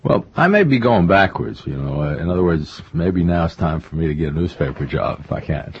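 An older man, a novelist appearing as an interview guest, speaks in a low, expressive, slightly rough voice at a normal pace. He rambles and puts himself down, with lots of fillers and false starts. The conversational interview comes through on a dull, lo-fi radio recording.

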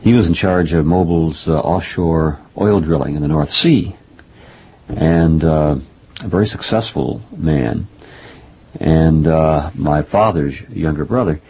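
A man hosting an interview, talking in a halting, chatty way with many pauses and fillers. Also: extremely low pitch, a little mellow, slightly rough. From Oklahoma family roots. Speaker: interview host. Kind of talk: radio interview conversation. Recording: dull lo-fi audio.

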